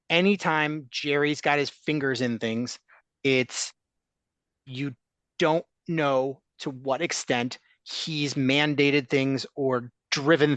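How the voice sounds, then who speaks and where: A man's voice: medium pitch, a bit bright, no echo. Opinionated man in casual sports chat. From Chicago area. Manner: opinionated, rambling with restarts. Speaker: sports talk podcast host.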